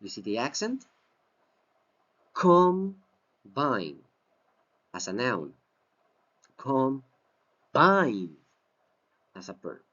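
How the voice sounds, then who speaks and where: A man teaching an English grammar lesson from slides, speaking slowly and deliberately and repeating key phrases. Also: lowish voice, wildly swooping pitch, a bit bright, slightly rough. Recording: dull lo-fi recording.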